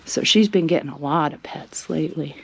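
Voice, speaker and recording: A woman chatting casually as she walks through her homestead showing the animals, sometimes cooing at them in a high sing-song. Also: fairly quick, gravelly, slight background noise. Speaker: homestead vlogger. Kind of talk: casual walking tour vlog. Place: outdoors on a homestead among animals.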